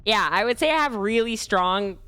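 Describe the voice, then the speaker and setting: A young woman chats through a long casual story, wandering and poking fun at herself with loose fillers and offhand swearing. Her voice is bright and crisp, and it stays smooth and clear. It comes across as a relaxed, personal storytime. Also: medium pitch, moderate pace, no echo. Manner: rambling, self-deprecating, swears casually. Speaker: streamer.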